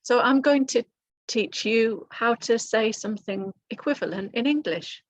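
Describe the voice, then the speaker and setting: A woman teaching English directly to the camera, speaking clearly and encouragingly and acting out example phrases for learners. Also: a little high, unhurried.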